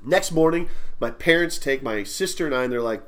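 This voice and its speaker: A man's voice: medium pitch, expressive, fairly quick, a bit bright. A man co-hosting a podcast, telling a long childhood story in loose, rambling casual chat and swearing along the way. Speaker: podcast co-host.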